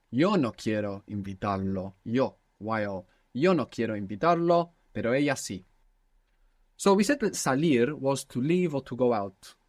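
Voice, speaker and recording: A man's voice: mid-range voice, no echo. A man teaching a language lesson, patiently prompting his student with questions.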